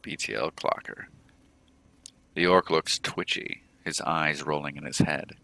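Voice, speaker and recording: A man narrating a game playthrough, reading the story text aloud in a steady storybook manner. His voice is extremely deep and gravelly, yet bright and crisp, in a dry sound. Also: measured pace. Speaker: let's play host.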